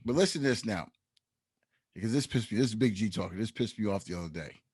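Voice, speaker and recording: A man's voice: on the low side, fast talker, slightly rough, dry recording, studio quality. Laughing, storytelling New man. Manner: storytelling, laughs often, animated when annoyed. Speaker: podcast co-host. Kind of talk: casual podcast chat.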